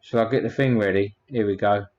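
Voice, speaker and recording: A man's voice: lowish voice, fairly even intonation, brisk, darkish tone, lo-fi sound. A man hosting a casual livestream, rambling and a bit crude as he thanks his chat one by one. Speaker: livestream host.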